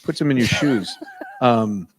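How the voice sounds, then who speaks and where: A middle-aged man from New England chats from a convention stage, wandering off on tangents and chuckling between stories. His voice sits at an ordinary middle pitch, and an auditorium crowd is listening. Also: a little slow, breathy edge. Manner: rambling, goes off on tangents, chuckles often. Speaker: panel guest, voice actor. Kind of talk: casual stage chat with anecdotes. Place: convention auditorium before a live audience.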